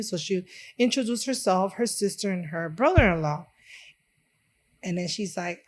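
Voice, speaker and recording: A woman chef from Chicago tells stories in a lively, expressive way, slipping into the voices of the people she describes. Her voice sits at a medium pitch and sounds conversational and natural. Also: moderate pace. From Chicago, United States. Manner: animated, acts out dialogue in her stories. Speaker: chef and restaurant owner. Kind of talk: conversational storytelling.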